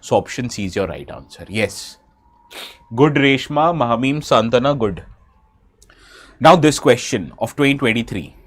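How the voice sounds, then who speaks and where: Animated and fairly bright, his mid-range voice moves at a normal speed with frequent pauses. The man, who has an Indian English accent, teaches a live online exam-prep lesson, reading viewers' names from the chat, quizzing them, and correcting himself mid-sentence.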